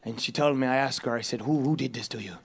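A man doing a bumbling, crude impression of a gruff Irish action-movie star, speaking with an Irish accent and rambling as he laughs through his lines. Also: medium pitch, quick pace, a loud crowd, natural voice. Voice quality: gravelly. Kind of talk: improvised comedy podcast bit.

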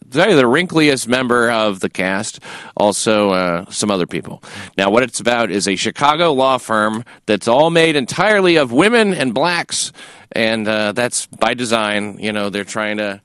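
A man's voice: lowish voice, fairly bright tone, dry recording. Man, podcast host, crude comedic news talk, mocking tone, many fillers, dry close sound. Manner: mocking and irreverent, with frequent filler words.

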